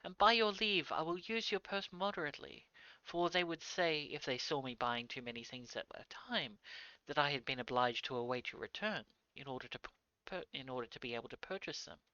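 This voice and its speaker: A man voicing a gentle elderly father who speaks mildly in a storybook reading. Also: fairly high pitch, a little fast, clean tone, no room sound, highs cut off. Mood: soothing.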